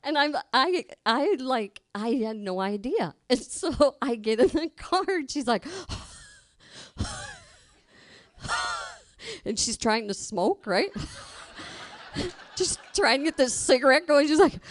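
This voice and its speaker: A woman's voice: sits high, animated, slow, long pauses, no echo, studio quality. Woman laughing through a live story. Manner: colloquial, laughs through her own story; acts out quoted voices.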